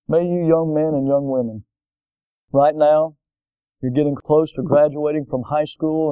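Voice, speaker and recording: A pastor preaching a sermon, swinging from loud emphatic bursts to slow, weighty lines and closing in prayer. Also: male voice, medium pitch, dry recording. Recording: dull lo-fi sound.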